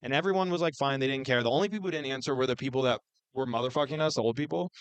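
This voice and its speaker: A young man hosting a podcast, telling a story in an animated, profane rant. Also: mid-range voice, very fast, clear, resonant tone, dry recording. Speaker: podcast host. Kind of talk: casual storytelling chat.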